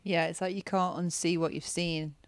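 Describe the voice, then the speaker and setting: A woman's voice: lowish voice, fairly even intonation, normal speed, dry recording. A woman co-hosting a podcast, chatting casually in an earnest, reflective way. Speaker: podcast co-host, partner of the host.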